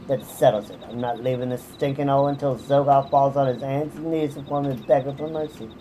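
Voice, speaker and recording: A woman voicing a brash, tough warrior woman in a game who scolds loudly and gruffly. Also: extremely low pitch, fairly even intonation, a little fast, a little hiss or hum, rough recording. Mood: scornful.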